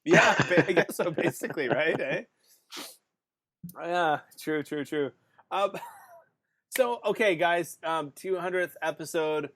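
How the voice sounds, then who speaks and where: A man with a slightly high voice hosts a podcast in loose casual chat. He rambles through stories, leans on fillers and keeps breaking into laughs. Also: takes it slowly, long pauses, a bit bright. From Canada. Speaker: podcast host.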